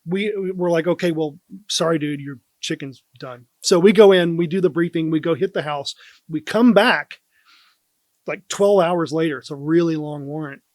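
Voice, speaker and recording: Man, raised voice, dry close sound, animated anecdote, laughing at times. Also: a little high, moderate pace, no room sound. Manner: animated, laughs while telling. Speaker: guest, former police officer. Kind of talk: casual storytelling.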